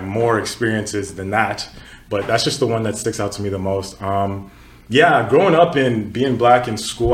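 In an echoey room with a bit of background noise, a podcast host talks in a mid-range voice. He's a Nigerian-born man in his twenties, telling laid-back stories in a casual chat full of filler words.

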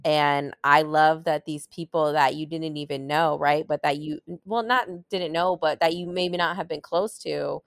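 A woman's voice: low voice, steady tone, moderate pace, hardly any pauses, clear, resonant tone, dry recording, studio quality. A woman hosting an interview, speaking in an encouraging, affirming way and often asking "right?". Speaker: interview host. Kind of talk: supportive interview conversation.

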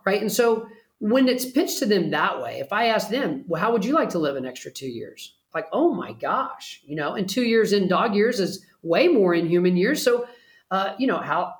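Man, pet trainer guest, earnest conversational talk, roomy echoey sound. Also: high voice. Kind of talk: casual interview talk.

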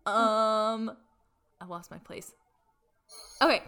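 A woman's voice: fairly high pitch, steady tone, slow pace, pushed and bright, smooth. A woman in casual chat retelling a story, full of "like" fillers and playfully irreverent asides.

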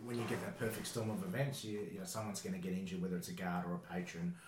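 Man, deep voice, opinionated host, echoey room. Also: flat delivery, fast talker, noisy background. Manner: opinionated, reflective. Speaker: podcast host. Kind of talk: casual podcast chat.

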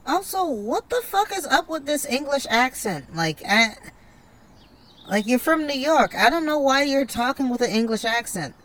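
Exasperated blunt woman, very lively pitch. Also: normal speed, slight background noise. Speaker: comedy sketch partner. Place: outdoors.

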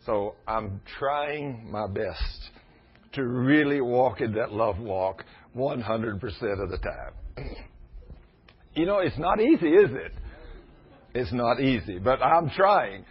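A middle-aged man, preaching a storytelling sermon in a folksy, animated way. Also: medium pitch, slow, breathy edge. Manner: folksy, animated, laughs at his own stories. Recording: dull lo-fi recording.

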